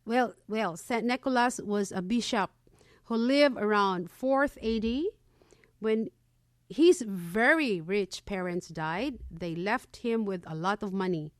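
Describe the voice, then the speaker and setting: A woman's voice: mid-range voice, takes it slowly, no room sound. Woman, from the Philippines, radio co-host, scripted reading, dry recording.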